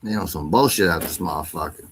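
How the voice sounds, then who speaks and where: A man's voice: sits low, fast, a little hiss or hum. A man hosting a casual livestream, talking in a loose, slangy, profane rant. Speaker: livestream host.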